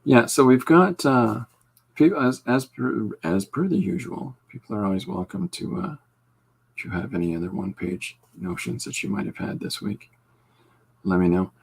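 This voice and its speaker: A man's voice: medium pitch, very animated, moderate pace, creaky, husky. A man hosting a podcast, chatting casually while he draws, rambling with dry, self-deprecating humor. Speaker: podcast host and comic artist.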